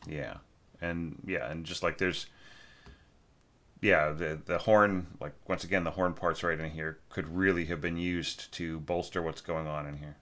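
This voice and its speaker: A man's voice: low voice, fairly even intonation, unhurried, fairly bright tone. A man teaching orchestration, giving a rambling spoken critique full of fillers, restarts and tag questions. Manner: rambling, many fillers and restarts, frequent "right?".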